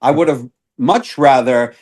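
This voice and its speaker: A man's voice: mid-range voice, unhurried, a little mellow. A man, a guest coach, earnestly telling an emotional personal story with many fillers and restarts. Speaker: guest, self-awareness coach.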